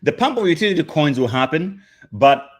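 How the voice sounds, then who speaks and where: A man's voice: fairly high pitch, very animated, fairly quick, slight background noise. A man hosting a livestream show, chatting in a hyped, slangy way. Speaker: show host. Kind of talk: casual livestream chat.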